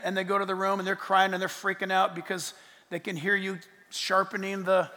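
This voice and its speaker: Pastor guy preaching, high ringing voice, loud then hushed, cracks jokes. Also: fairly quick, long reverb tail. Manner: animated, swings from loud to hushed, joking asides. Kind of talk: sermon.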